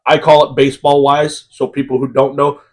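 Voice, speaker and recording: A man's voice: mid-range voice, flat delivery, a little fast, darkish tone. A man co-hosting a casual podcast chat, a parent who talks in an upbeat, rambling way with plenty of fillers. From Iowa, United States. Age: adult with children. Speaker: podcast co-host.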